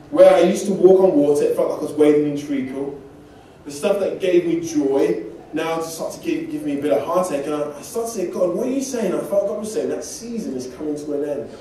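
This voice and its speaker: A man from England preaches to a congregation, telling personal stories with self-deprecating humor in a loose, conversational way. His voice sits a little high but mellow and dark. He is recorded from a distance, so the church hall echoes around him. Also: slight background noise. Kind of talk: sermon.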